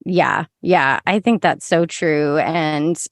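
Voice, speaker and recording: Mujer animada y risueña, grabación seca. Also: female voice, slow pace, no room sound. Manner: animated, giggly, jumps to high playful tones. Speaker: podcast host, lactation consultant. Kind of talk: casual podcast chat.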